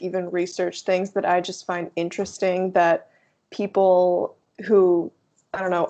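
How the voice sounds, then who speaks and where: A woman's voice: medium pitch, darkish tone. A young woman, a native Russian speaker, chatting as a guest in a casual video interview, talking with lots of "like" fillers. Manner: chatty, laughs often, many "like" fillers. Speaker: guest, language YouTuber.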